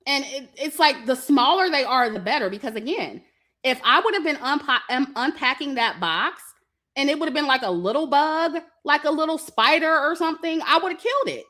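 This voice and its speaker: Animated, bright-voiced young woman vlogger. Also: high-pitched, fairly quick. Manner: animated, profane, laughs often, quotes family. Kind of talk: casual storytime chat.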